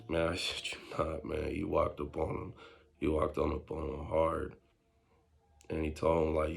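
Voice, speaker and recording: Deep gravelly young man telling a story. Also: normal speed, soft background music. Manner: street slang, animated retelling with quoted voices. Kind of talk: casual storytime.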